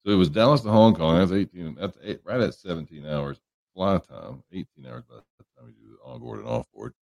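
A man with a very low, gravelly voice hosts a loose livestream, wandering from story to story and greeting viewers by name. His tone is dark and the sound is dry and close, with a lively, swooping delivery. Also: fairly quick, no echo. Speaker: livestream host. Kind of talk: casual chat with viewers. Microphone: headphones on a livestream setup.

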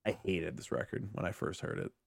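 A man in his thirties co-hosting a podcast, rambling and wry with lots of fillers. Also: brisk. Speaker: podcast co-host. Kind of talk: casual chat.

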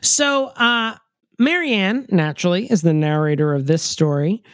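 A wry podcast co-host recaps a book casually, trailing off with fillers and dropping deadpan jokes along the way. The voice is mid-pitched and recorded close and dry, with no room sound. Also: normal speed, no echo. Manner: wry, joking, hesitant with fillers.

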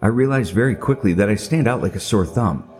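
A man's voice: lowish voice, expressive, brisk, darkish tone. A middle-aged man telling a scripted comedic story in a wry, self-mocking way. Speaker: podcast narrator.

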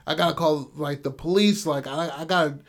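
A man's voice: brisk, natural voice. A man voicing an anxious, panicky teenage boy, raising his voice slightly and talking in slang. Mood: panicked. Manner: pitched up, agitated, slangy.

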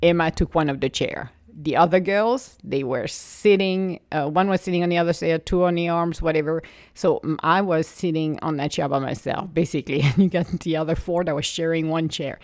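Low, gravelly woman telling her story. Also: fairly even intonation, brisk, hardly any pauses, darkish tone, no echo, clean studio sound. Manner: emotive, rambling, with laughs and restarts. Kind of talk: motivational personal storytelling.

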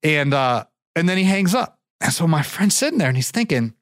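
A man from Ohio telling a long, rambling personal story in a casual way, rising in pitch whenever he imitates others. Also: brisk, dry recording, studio quality. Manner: rambling, animated, pitches up for quoted voices. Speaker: show regular telling a story.

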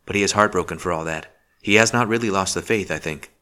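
A man's voice: low voice, fast. A man voicing a shrewd, earnest young woman. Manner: earnest, pressing, sharp.

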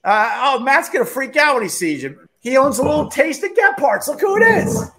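A middle-aged man hosting a casual beer chat, loud, joking and swearing freely. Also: very high-pitched, very animated, fairly quick. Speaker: host.

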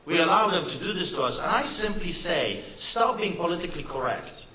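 A man's voice: sits high, sing-song, fairly quick, bright, forceful tone, echoey room, rough recording. A man giving an impassioned, emphatic rally speech with a sarcastic edge. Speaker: rally speaker. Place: event hall.

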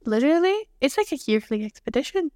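A woman's voice: high voice, sing-song, quick pace, darkish tone, no room sound, studio quality. A woman co-hosting a podcast, telling a story in casual, chatty talk with many fillers. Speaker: podcast co-host. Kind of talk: casual chat.

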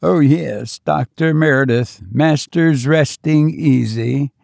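A man's voice: fairly high pitch, slow pace, gravelly, darkish tone, no room sound, studio quality. A man voicing a frail, devoted old servant who speaks in a quivering, pleading voice. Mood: anxious.

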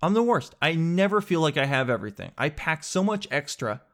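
A man telling a comic story in a casual vlog. He talks in an animated, slangy way, says "dude" a lot, and jumps up in pitch for emphasis. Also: fairly quick. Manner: animated, exaggerated, swings to high emphasis.

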